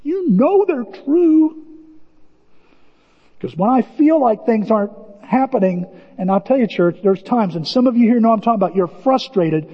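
A male pastor preaching a storytelling sermon, conversational and animated, acting out bits of dialogue. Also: high voice, brisk. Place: church sanctuary. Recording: dull lo-fi church hall recording.

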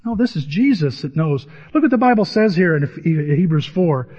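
Man, preacher, storytelling sermon, husky, dull muffled hall recording. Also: on the high side, expressive, moderate pace, a little mellow. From Southern Illinois, USA. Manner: conversational, asks the audience questions.

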